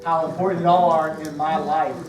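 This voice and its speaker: Southern man, slightly high voice, halting and heartfelt farewell speech, far off in an echoey room. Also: little pitch movement, slight background noise. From Georgia, US. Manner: halting, heartfelt, many fillers and restarts. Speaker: retiring Air Force senior master sergeant. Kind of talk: emotional retirement speech. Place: ceremony room.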